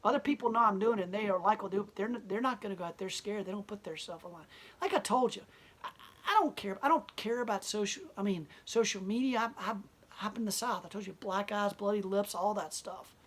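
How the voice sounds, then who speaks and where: Husky woman, blunt and emphatic, impassioned interview talk. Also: mid-range voice, fast talker. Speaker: gallery owner and protester.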